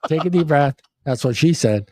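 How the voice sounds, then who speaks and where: A man co-hosting a casual podcast, loud and teasing, joking with the others. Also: a little high, animated, moderate pace, no echo, studio quality. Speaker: co-host.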